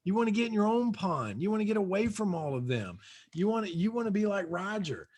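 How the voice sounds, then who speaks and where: A man with a fairly high voice delivers a motivational seminar talk from his own house over a video call. He drives his points home with short, repeated phrases and keeps urging his listeners on. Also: big pitch swings, brisk, a little mellow. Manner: punchy, repetitive, exhorting. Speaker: guest speaker and real estate coach.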